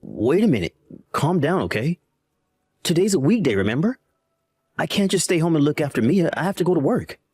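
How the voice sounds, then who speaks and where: A man voicing a lying, defensive grown son in a family drama, with a husky voice that dodges and shrugs off blame. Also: a little high, big pitch swings, brisk, darkish tone, no echo. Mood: dismissive. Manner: defensive, dismissive.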